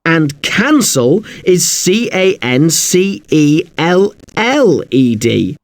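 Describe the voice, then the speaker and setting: Lively high-voiced man teaching spelling. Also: extremely slow. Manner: polite and apologetic, spells words out letter by letter. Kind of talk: scripted spelling lesson.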